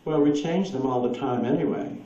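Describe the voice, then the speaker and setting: A man's voice: medium pitch, a little fast, warm tone, far from the mic. Rambling man in an echoey hall. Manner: rambling, chuckles often, acts out quoted voices. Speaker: speaker at a presentation. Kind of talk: anecdotal talk taking audience questions. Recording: dull echoey hall recording from afar.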